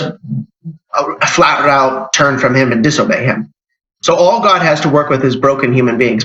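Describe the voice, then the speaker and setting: A man's voice: mid-range voice, fairly bright tone. A man, a church elder, giving an informal sermon in a conversational way, with emphatic rises and restarts. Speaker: church elder teaching a Bible lesson. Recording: echoey church hall, dull lo-fi sound.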